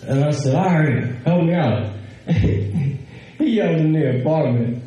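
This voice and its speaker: Guy telling a story, laughing, quoting folks, mellow voice, super echoey room. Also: fairly high pitch, unhurried. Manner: animated, quoting others, laughing. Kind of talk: casual storytelling.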